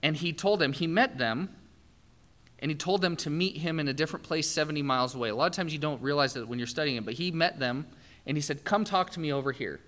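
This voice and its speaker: Animated male preacher in a reverberant hall. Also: fairly high pitch, quick pace. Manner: animated storytelling, acts out quoted speech. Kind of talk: sermon.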